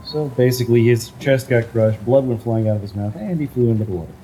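A man's voice: mid-range voice, fast talker, mellow, soft background music, poor audio. A man playing a tabletop game, calling his moves in a plain, matter-of-fact way. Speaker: player. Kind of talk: casual tabletop play.

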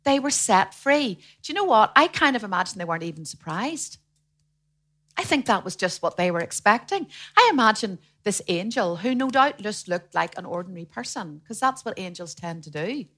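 A woman preaching a sermon in a lively way, acting out the voices of the people she quotes. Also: mid-range voice, normal speed. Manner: animated, acts out quoted voices.

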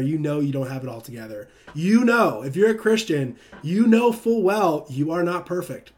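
A young man hosting a livestream, preaching in a casual, emphatic rant and often breaking into self-mocking laughter. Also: on the high side. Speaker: livestream host.

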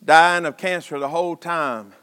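A man preaches, folksy and impassioned, his high, bright voice swinging from shouts down to hushed tones. The sound carries a long reverb from the church sanctuary. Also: steady tone, normal speed, clean tone. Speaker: pastor. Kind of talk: sermon.

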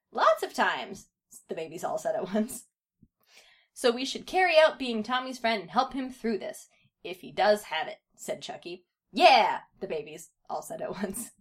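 Reading fan fiction on her comedy podcast at a moderate pace, this woman's voice swings widely in pitch. She laughs frequently and performs the baby characters in exaggerated high voices.

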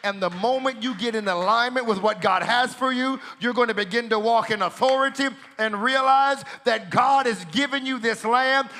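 A man preaching a sermon, shouting declarations, then dropping to quiet teaching. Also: extremely high pitch, normal speed, hardly any pauses. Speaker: pastor.

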